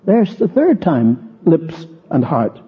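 Husky man, preacher, raised voice, tinny narrow-band recording. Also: on the high side, big pitch swings, takes it slowly. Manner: walks through verses, stresses repeated words. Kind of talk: expository sermon with a personal story.

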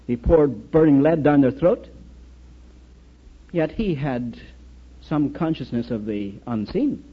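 Husky-voiced man giving an earnest lecture. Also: on the high side. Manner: earnest, storytelling, rhetorical questions. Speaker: speaker, former military chaplain. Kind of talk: lecture with anecdotes. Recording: dull lo-fi recording.

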